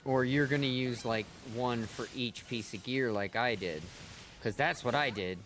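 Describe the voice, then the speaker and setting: A man chats loosely through an online game while livestreaming, cursing freely and talking to his teammates. His voice sits at an ordinary middle pitch. Soft music plays faintly underneath. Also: a little slow. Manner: chatty, swears freely, coos at pets. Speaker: streamer. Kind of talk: casual gameplay commentary.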